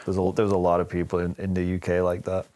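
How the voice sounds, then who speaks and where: A man's voice: sits low, fast talker. A man from the United Kingdom co-hosting a casual film podcast, joking and laughing often. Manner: laughs often, animated, jokey asides. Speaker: podcast co-host.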